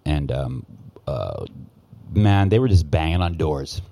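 A man's voice: a bass voice, expressive, slow pace, vocal fry, mellow, no echo. A man telling a story in casual podcast talk, heated and profane, often restarting his sentences. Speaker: guest, former news cameraman.

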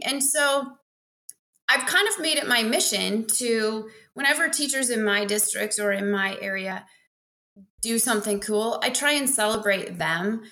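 A woman's voice: on the high side, normal speed, bright, forceful tone. A woman teacher from Montana, chatting casually as a podcast guest, self-deprecating and laughing often as she acts out bits of dialogue. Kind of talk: casual interview chat.

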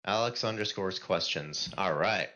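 A man's voice: deep voice, measured pace, sharp tone, highs cut off. A man co-hosting a casual podcast, reading out listener questions in a dry way.

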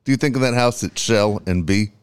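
A man's voice: fairly low pitch, a little fast, smooth. A man co-hosting a podcast, blunt and emphatic, swearing in casual banter. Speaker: podcast co-host.

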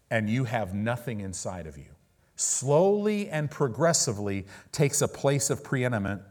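A man's voice: on the low side, darkish tone. A man preaching a sermon in a conversational style, with sudden emphatic peaks and prayers spoken aloud.

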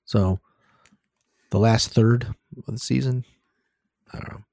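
A man co-hosting a casual podcast, halting and joking as he steers the conversation. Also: mid-range voice, fairly even intonation, gravelly, mellow, no echo, studio quality. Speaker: podcast co-host.

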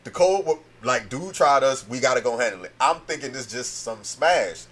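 A man's voice: mid-range voice, lively intonation, moderate pace, fairly bright tone. Guest, man with a mid voice, laid-back profane storyteller. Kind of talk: casual storytelling chat.

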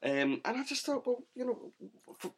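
Husky man telling a rambling story. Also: extremely high pitch, sing-song, moderate pace. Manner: rambling anecdote-telling with frequent ums and restarts. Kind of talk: casual chat.

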